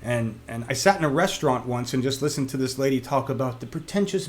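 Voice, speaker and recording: A man co-hosting a casual web show, talking in an animated, jokey and opinionated way. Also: medium pitch, fast talker. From Oregon. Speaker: show co-host.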